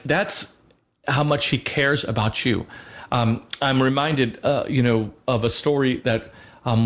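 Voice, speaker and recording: Earnest man sharing faith, mid-pitched. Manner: earnest, halting, many fillers and restarts. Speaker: co-host of a Christian radio show. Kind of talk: conversational faith talk.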